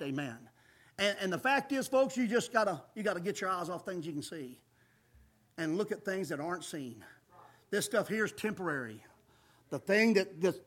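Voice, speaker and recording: A man preaching a sermon, emphatic, swelling loud on key phrases and calling his listeners folks. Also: sits high. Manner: calls audience folks, says amen often.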